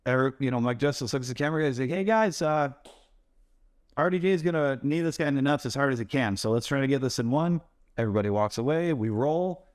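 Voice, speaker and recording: A man tells his stunt stories with bounce and energy, jumping up in pitch when he acts out other people's lines. His voice sits in an ordinary middle register. The sound is close and dry, with no room around it. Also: fast, clear, resonant tone, no echo. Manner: animated anecdotes, acts out quoted voices. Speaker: stuntman guest. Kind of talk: casual storytelling interview.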